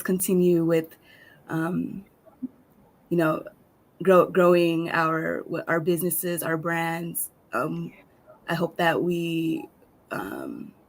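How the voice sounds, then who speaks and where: Slow soft-spoken woman, low and flat. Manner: soft-spoken, hesitant with many fillers. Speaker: guest speaker. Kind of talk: slow reflective talk.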